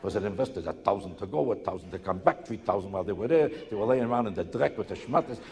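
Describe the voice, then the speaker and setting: A man's voice: lowish voice, lively intonation, a little mellow. Male stand-up comic, insistent and repetitive, on stage in an echoey hall before a live crowd. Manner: rapid, insistent, rhetorical questions and repetition. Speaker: stand-up comedian. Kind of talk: stand-up comedy routine.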